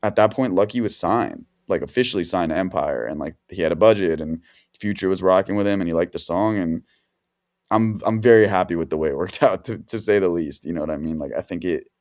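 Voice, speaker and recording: Laid-back, slangy low-voiced man. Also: fairly quick, a little mellow. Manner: laid-back, rambling, filler-heavy slang. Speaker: music producer, guest. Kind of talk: casual podcast storytelling.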